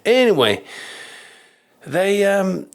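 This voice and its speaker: A middle-aged man with a New Zealand accent, a kickboxing champion telling rambling, animated stories in a casual interview, swearing and acting out other people's voices. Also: high-pitched, extremely slow. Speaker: kickboxing champion and coach, guest.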